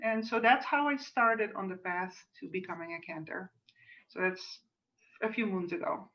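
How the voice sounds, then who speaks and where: A woman's voice: medium pitch, moderate pace. A woman cantor from the Netherlands with a Dutch accent, chatting on a video call with frequent fillers and friendly asides. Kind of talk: friendly introductory talk before a service. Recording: distant, muffled video call audio.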